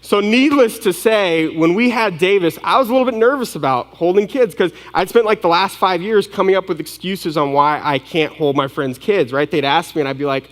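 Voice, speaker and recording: A young man preaching a sermon, telling a story in a casual, self-deprecating way with quick asides. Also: high voice, a bit bright. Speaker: pastor. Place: large church hall. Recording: long hall reverb.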